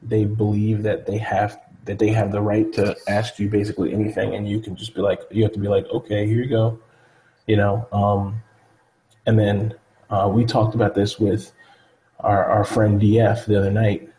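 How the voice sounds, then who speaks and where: A man talks through a story in loose, casual chat. His voice sits a bit low and sounds mellow and relaxed. He rambles, fills gaps with "like" and "you know", and acts out the people he quotes. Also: normal speed, poor audio.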